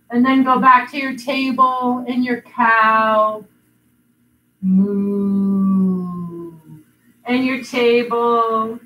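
Playful, high-voiced woman teaching kids' yoga. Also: bright, forceful tone. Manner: playful, teasing with silly animal sounds. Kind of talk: guided children's yoga class. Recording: echoey room, voice from a distance.

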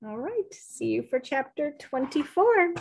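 A woman reading a storybook aloud, giving the dialogue expressive voices. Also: high voice, measured pace, gravelly, poor audio.

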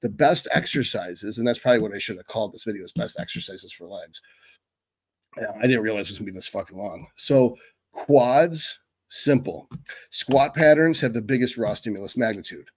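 A middle-aged man giving an unscripted fitness lecture as a bodybuilding coach, blunt and profane, talking quickly. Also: lowish voice, lively intonation, darkish tone, breathy edge.

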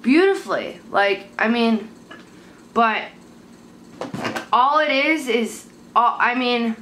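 A woman's voice: fairly high pitch, extremely slow, bright, forceful tone. A young woman chatting to camera at home about makeup, rambling and blunt, swearing when annoyed. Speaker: beauty vlogger. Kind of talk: casual chat to camera. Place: at home, indoors. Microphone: handheld camera mic. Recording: noisy home camera recording.

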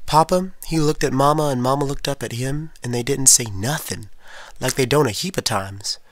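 A man's voice: mid-range voice, normal speed, a little hiss or hum. Folksy man telling a story. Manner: folksy and rambling, with many "you know"s. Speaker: storyteller and host.

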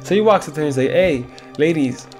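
A man's voice: on the high side, expressive, racing, darkish tone, soft background music. Rambling, tired young man gaming. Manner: rambling, chatty, frequent "like". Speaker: let's play gamer. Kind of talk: casual gameplay commentary.

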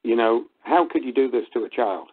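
Man, caller, halting and frustrated, tinny phone line. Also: medium pitch, expressive, husky. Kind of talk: phone-in conversation.

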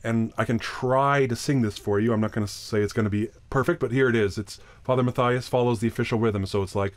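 A man's voice: mid-range voice, steady tone, quick pace, no echo. A man giving a recorded lecture on chant. He explains plainly, often restarts his sentences, and now and then sings short examples. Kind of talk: recorded talk.

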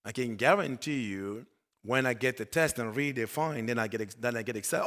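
A male pastor preaching a sermon, swinging between loud emphatic bursts and quiet low asides. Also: a little fast. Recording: long hall reverb.

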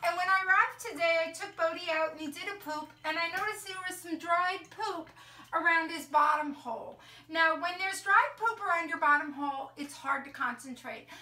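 A middle-aged woman dog trainer demonstrating how to clean a dog at an indoor sink, talking in a calm, soothing way. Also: very high-pitched, normal speed.

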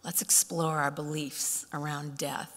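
A middle-aged woman speaks from a conference stage, telling stories and acting out the people in them. Her voice sits fairly low for a woman. A long reverb from the hall trails after her words. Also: unhurried. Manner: animated, acts out quoted voices. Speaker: keynote speaker. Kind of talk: storytelling keynote speech.

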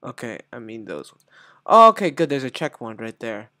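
Young man ranting through a game, wildly swinging pitch. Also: big pitch swings, moderate pace, bright, forceful tone, dry recording. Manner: swings from muttering to shrieking outbursts; swears often. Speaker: gamer. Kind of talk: gameplay commentary.

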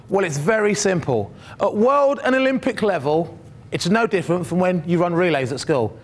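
A middle-aged man, telling a humorous story from his sprinting days to students. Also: high voice. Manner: animated, humorous, addresses the audience directly. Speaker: motivational speaker, former sprinter.

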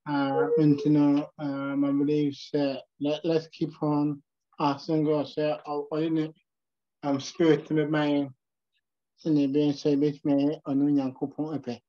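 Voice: mid-range voice, completely flat delivery, a little slow, lo-fi sound. A church member responding hesitantly in prayer, with many fillers.

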